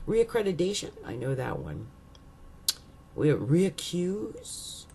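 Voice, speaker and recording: Slow, lively-pitched woman musing aloud. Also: creaky, slightly rough. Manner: playful, drawn-out word listing with musing asides. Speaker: astrology video host. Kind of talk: casual monologue to viewers.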